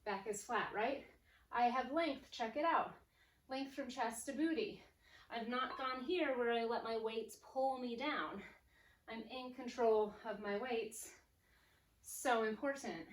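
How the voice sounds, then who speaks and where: Breathy woman coaching a workout. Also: on the high side, slow, pauses often. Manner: upbeat, counts down reps, cues form. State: slightly out of breath. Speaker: fitness instructor. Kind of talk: workout coaching while exercising. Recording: echoey room, distant mic, faint noise.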